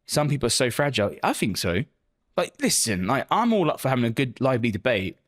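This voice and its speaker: A man's voice: medium pitch, very animated, fast. A man live-streaming, chatting casually with viewers and answering their messages with lots of swearing and joking banter.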